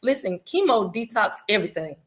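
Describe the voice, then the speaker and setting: A woman's voice: medium pitch, big pitch swings, fairly quick. A woman in her forties, co-hosting a podcast in casual, candid and emphatic chat. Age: 40s. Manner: candid, emphatic, preachy at times. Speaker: podcast co-host.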